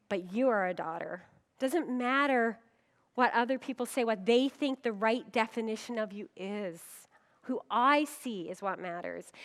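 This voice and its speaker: A middle-aged woman pastor gives a conference sermon in a high, slightly bright voice. She tells stories with humor, acts out quoted voices, and laughs often.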